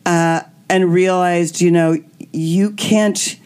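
A woman's voice: on the low side, slow pace, clear, resonant tone. A woman guest candidly telling a personal story, acting out what people said. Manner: animated, acts out quotes.

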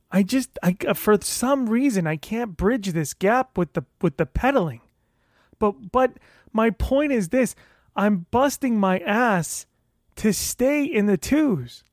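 A man's voice: sits high, dry recording, studio quality. A man hosting his own podcast, delivering a profane, fired-up pep talk to himself in a monologue, often stumbling over and repeating words as he pushes on. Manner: profane, fired-up self-motivating rant; repeats and restarts words when worked up. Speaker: podcast host.

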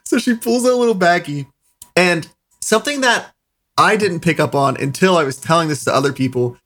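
A man's voice: fairly high pitch, animated, a little fast, a bit bright. A man co-hosting a podcast, telling a long story in casual chat, full of "like" fillers. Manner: rambling storyteller, many "like" fillers. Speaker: podcast co-host.

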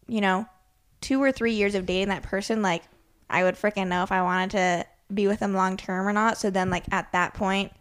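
A young woman in casual chat with friends, talking in a lively way full of fillers. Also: medium pitch. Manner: chatty, filler-heavy, lively.

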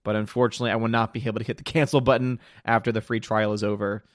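A man's voice: lowish voice, level tone, very fast, dry recording, studio quality. A man hosting a casual live stream, greeting viewers by name and giving blunt, opinionated commentary. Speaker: livestream host reading chat.

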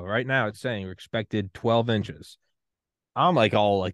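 A man's voice: lowish voice, normal speed, no room sound. A man hosts a laid-back podcast chat. He swears freely and animates his stories with quoted voices, recorded close and dry with no room sound. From US state of Georgia. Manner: profane, animated storytelling with acted-out quotes. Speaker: podcast host. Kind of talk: casual chat.

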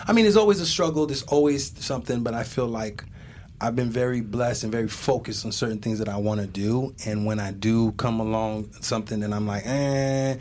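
A man, an actor, chatting in an interview, animated and full of restarts. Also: lowish voice, fairly quick, slight background noise. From Haitian heritage. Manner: animated, many restarts and laughs. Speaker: actor guest. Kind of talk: casual interview chat.

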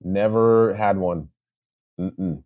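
A man co-hosting a podcast in a relaxed, joking, easygoing way. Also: sits low, extremely slow, dry recording, highs cut off. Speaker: podcast co-host. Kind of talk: casual chat.

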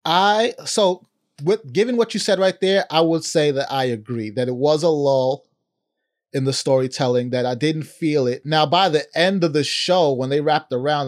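A man co-hosting a podcast in a casual, animated chat, laughing between his points. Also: fairly high pitch. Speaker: podcast co-host.

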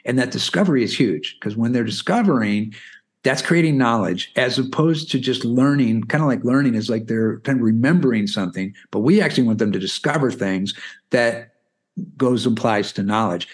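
A man's voice: mid-range voice, moderate pace. A man in his forties talking as a guest on a podcast interview, explaining in a chatty way with lots of "you know" and "right?". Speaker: guest, math curriculum founder.

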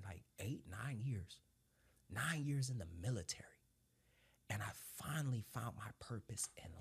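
A young adult man, a Marine sergeant, telling his own story as a guest in casual conversation. He swears freely, laughs through his anecdotes, and drops low and quiet when he turns reflective. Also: gravelly, breathy edge.

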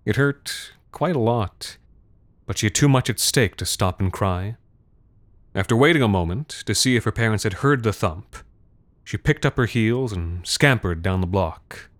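A man's voice: on the low side, animated, moderate pace, dry recording. A man narrating a darkly comic story in a wry, theatrical manner. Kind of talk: scripted narration.

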